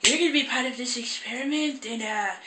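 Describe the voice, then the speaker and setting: A woman putting on a creepy male mad doctor with a bad fake German accent, speaking slowly and with sinister menace. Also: fairly high pitch, reverberant, background noise, pitched above the performer's own voice, lightly acted. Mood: smug.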